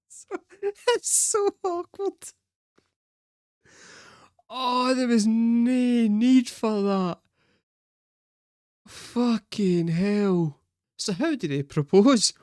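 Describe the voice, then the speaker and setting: A woman's voice: on the high side, expressive, extremely slow, long pauses, a little mellow, no echo, clean studio sound. A woman hosting a reaction video, rambling casually, laughing often and swearing.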